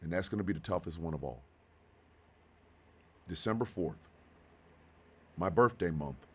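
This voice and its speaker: A man in his fifties hosting a radio show, talking slowly and with deep feeling about personal loss. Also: breathy edge. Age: 50s. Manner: heartfelt, slow and halting, then bursts of loud excitement. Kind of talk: emotional monologue.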